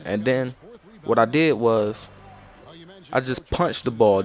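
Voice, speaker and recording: A man's voice: mid-range voice, takes it slowly. Young man, casual gaming commentator telling a rambling story. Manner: loose rambling slangy storytelling. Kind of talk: casual storytelling over gameplay.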